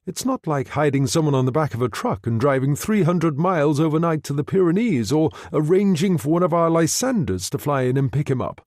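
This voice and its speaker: A man's voice: fairly high pitch, lively intonation, fairly quick, few pauses, a little mellow, no room sound, clean studio sound, voice pushed up, lightly acted. A man reading a novel aloud, voicing a cautious brigadier who speaks carefully and deferentially. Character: cautious brigadier, intelligence chief.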